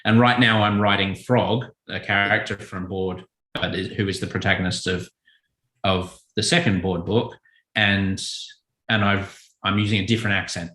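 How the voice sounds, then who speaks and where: A man, a children's author, answering interview questions in a thoughtful, self-correcting, relaxed way. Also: low-pitched, normal speed. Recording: echoey room.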